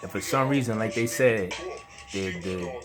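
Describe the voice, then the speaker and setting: A man's voice: on the low side, normal speed. A young man telling a personal story in a slangy, rambling way, chuckling now and then. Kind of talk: casual storytelling. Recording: music playing behind.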